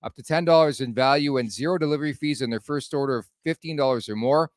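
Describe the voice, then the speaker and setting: A man's voice: mid-range voice, fast talker, dry recording, clean studio sound. A man co-hosting a casual sports talk show, chatty and laughing along, reading promos between topics. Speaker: podcast co-host.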